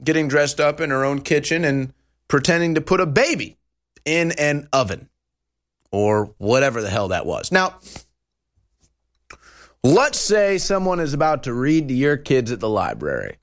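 Male talk host, sarcastic and emphatic, lots of pitch movement, somewhat high voice. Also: very animated, moderate pace, pauses often, a bit bright. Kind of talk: opinionated commentary.

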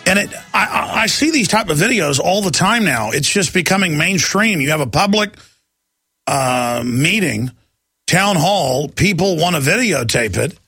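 A talk-show man rants in an indignant monologue, his raised voice gravelly and husky. The tone is bright and forceful, and the studio sound is dry and close. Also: on the high side, animated, normal speed, dry recording. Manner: indignant, ranting.

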